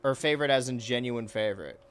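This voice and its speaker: A man's voice: medium pitch, quick pace, a bit bright, clear, resonant tone. A man streaming a video game in casual commentary, rambling, swearing freely and reading chat questions aloud. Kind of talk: casual let's-play commentary.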